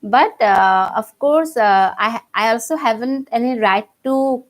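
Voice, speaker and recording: A woman's voice: fairly high pitch, a little slow. Hesitant Indian English woman teacher. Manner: hesitant, many fillers and restarts. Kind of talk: explaining a play line by line.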